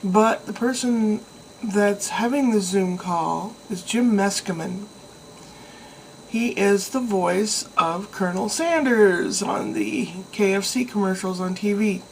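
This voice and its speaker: A woman's voice: mid-range voice, slow, darkish tone, slight background noise, rough recording. A woman vlogger talking to her camera in a chatty, meandering way, talking to herself now and then. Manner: chatty, meandering, with laughs and self-talk. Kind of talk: casual rambling monologue.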